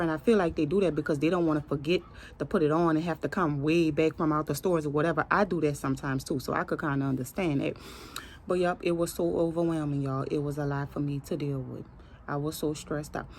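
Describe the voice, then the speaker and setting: Earnest woman vlogger, slightly low voice. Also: a little mellow, slight background noise. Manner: addresses viewers as y'all, earnest and emotional. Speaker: pharmacy technician vlogger. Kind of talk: casual storytelling to camera.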